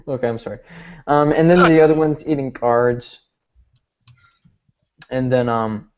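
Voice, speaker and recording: A man's voice: mid-range voice, steady tone, slow pace, pauses often. Rambling young man in lo-fi chat. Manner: rambling, filler-heavy retelling with mimicked quotes. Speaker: podcast host recapping a movie. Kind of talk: casual chat. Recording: lo-fi, muffled audio.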